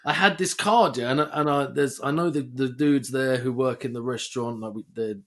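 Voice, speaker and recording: A man's voice: mid-range voice, a little fast. A young man, telling a story animatedly and with lots of swearing as a podcast co-host. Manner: animated, swearing, jumps into quoted voices. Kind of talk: casual storytelling chat.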